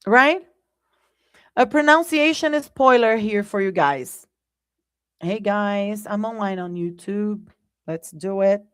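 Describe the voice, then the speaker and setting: A woman's voice: mid-range voice, takes it slowly, long pauses, a bit bright, smooth. A woman with a Brazilian Portuguese accent hosting a live English lesson, speaking conversationally to her viewers and often checking in with "right?". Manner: conversational, addresses viewers as "guys", keeps asking "right?". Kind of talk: live-streamed language lesson.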